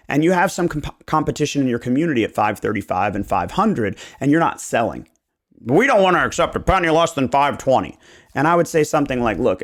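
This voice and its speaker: A man from the Baltimore area hosts a casual podcast about selling homes. His voice has an ordinary middle pitch. He talks with energy and slips into little voices to act out what clients say. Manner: animated, acts out client conversations in quoted voices. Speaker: real estate agent podcast host.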